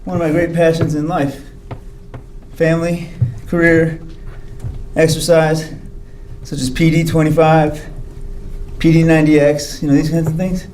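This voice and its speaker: A man's voice: a little high, level tone, measured pace, a little mellow, echoey room, slight background noise, rough recording. A man giving a hospital grand rounds talk, telling his own story candidly and wryly, acting out the people he quotes. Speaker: physician speaker. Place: hospital lecture hall.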